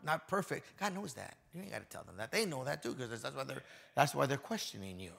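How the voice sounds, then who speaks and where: Man, pastor, sermon, acted-out quotes, quiet to loud swings, church hall. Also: on the high side, vocal fry.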